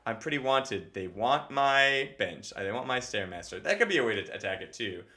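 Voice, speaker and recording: A man's voice: medium pitch, animated, a little fast, pushed and bright. A male comedian discussing his jokes casually, breaking into his stage voice to try out bits. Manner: acts out bits in a raised performing voice. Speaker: comedian guest. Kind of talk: casual joke-writing discussion. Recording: roomy echo.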